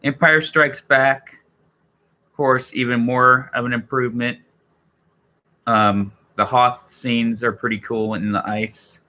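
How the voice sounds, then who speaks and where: A man's voice: mid-range voice, level tone, a little slow, pushed and bright. A man talking casually on a live stream, rambling with many fillers and restarts.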